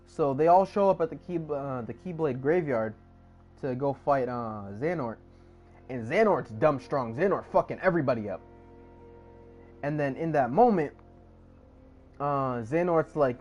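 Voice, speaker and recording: A man's voice: a little high, lively intonation, normal speed, pauses often, darkish tone, lo-fi sound, faint music behind. A man streaming live, recapping a story casually in slangy, profane, rambling talk. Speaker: livestreamer.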